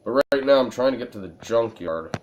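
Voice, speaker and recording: Slightly drunk and playing a video game, this man rambles through let's-play commentary, cracking self-deprecating jokes and laughing at them. He's a gaming video creator with a medium-pitched, animated voice and a brisk delivery, over slight background noise.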